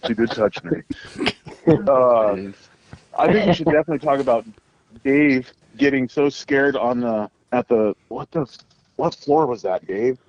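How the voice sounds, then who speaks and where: A man's voice: medium pitch, normal speed, dry recording, muffled recording. A man chatting casually on a group podcast, telling stories with lots of laughter. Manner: laughing, excitable storyteller.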